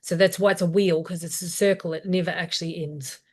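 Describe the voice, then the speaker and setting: A woman co-hosting a business live stream, practical and steady, asking questions aloud as she explains. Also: fairly low pitch, brisk.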